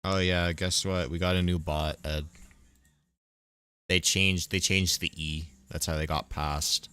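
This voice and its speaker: A young man chats casually while gaming, rambling from joke to joke and laughing easily. His voice is deep and his pace slow. The sound is dry and close. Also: fairly even intonation, sharp tone, clear, resonant tone, dry recording. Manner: rambling, joking, laughs often. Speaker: streamer.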